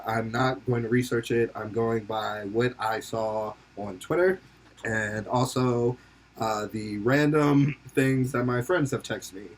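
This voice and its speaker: Young dude on a podcast, rambling, jokey, cussing and laughing a lot, middle-pitched voice. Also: male voice. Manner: rambling, joking, swears freely, laughs often; slips into silly put-on voices for quotes. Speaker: podcast host. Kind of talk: casual comedic commentary.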